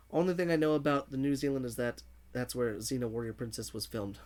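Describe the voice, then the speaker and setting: A man's voice: medium pitch, moderate pace. A man streaming a video game, chatting casually, reading viewer messages aloud and laughing often. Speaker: gaming streamer. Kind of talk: casual livestream commentary.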